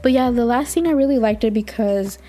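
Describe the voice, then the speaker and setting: A woman's voice: a little high, brisk, dark tone. A woman hosting a casual podcast, chatting and gushing, laughing often and saying "like" a lot. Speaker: podcast host. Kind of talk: casual recap chat.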